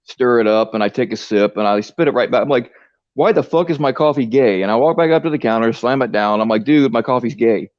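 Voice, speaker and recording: A man's voice: mid-range voice, expressive, brisk, no room sound. Man, profane rambling storyteller, crude comic rant, dull lo-fi stream audio, dry.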